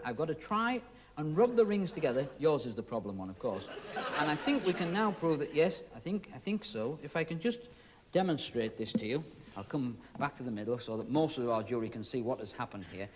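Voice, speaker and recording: A man's voice: on the high side, slight background noise. A male magician hosting a TV show, talking through a trick with jokey, teasing patter to audience volunteers. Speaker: magician host. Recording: 1970s TV broadcast with audience. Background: studio audience.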